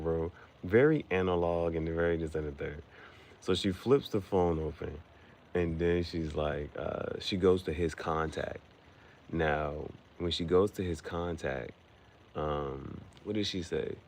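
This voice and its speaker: A man with a very deep, gravelly voice rambles through a movie recap, full of slang and asides. He tells it like casual chat with a friend, and a faint hiss sits under the recording. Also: a little slow. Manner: slangy, rambling, animated storytelling. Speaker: podcast host.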